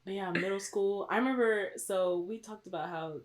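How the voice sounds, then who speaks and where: A woman's voice: medium pitch, moderate pace, a little hiss or hum. A young woman co-hosting a podcast, chatting casually, listening closely and often backing up her co-host. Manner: attentive listener, frequent affirmations and laughter. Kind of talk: casual chat.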